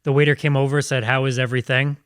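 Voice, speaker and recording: List: man, co-host, matter-of-fact, mid pitch, dry room. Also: flat delivery, quick pace, fairly bright tone, smooth, no echo. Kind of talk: reading listener questions.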